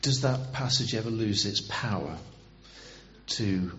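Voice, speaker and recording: A man's voice: fairly low pitch, slow, fairly bright tone. A man leading a church service, introducing the guest speaker informally. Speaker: service leader. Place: church hall. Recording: dull recording in an echoing hall with faint hiss.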